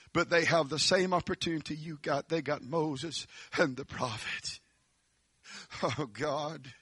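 High-voiced man preaching a dramatic sermon. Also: measured pace, husky, no echo, clean studio sound. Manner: dramatic, swinging from hushed tones to shouts.

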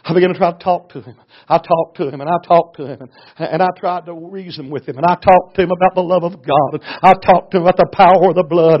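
Husky preacher telling a story. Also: male voice, high voice, fairly even intonation, fast talker, hardly any pauses. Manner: folksy, swings from hushed to loud. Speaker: pastor. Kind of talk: storytelling sermon. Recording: dull lo-fi recording.

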